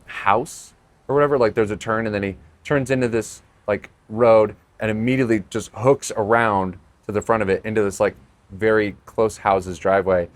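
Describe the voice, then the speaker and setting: Casting: young male podcast host, lowish voice, chatty storyteller, easy laughs. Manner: storytelling, laughs often, animated when acting out scenes. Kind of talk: casual chat.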